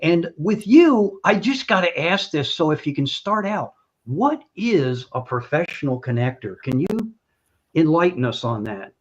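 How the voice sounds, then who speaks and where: An older man hosts a casual talk show in a highish voice with big pitch swings, speaking a little slowly, with the highs cut off in the audio. His delivery is chatty and rambling, with restarts and little jokes.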